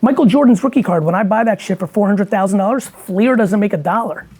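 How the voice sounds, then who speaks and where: A man's voice: high voice, quick pace, a little mellow, breathy edge. A man in casual conversation, talking bluntly and emphatically with lots of swearing. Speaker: guest entrepreneur.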